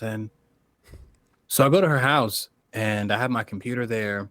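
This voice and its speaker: Low-voiced man telling a story. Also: moderate pace, no echo. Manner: lively storytelling, calls people brother. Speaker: podcast guest, musician. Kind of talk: casual podcast chat.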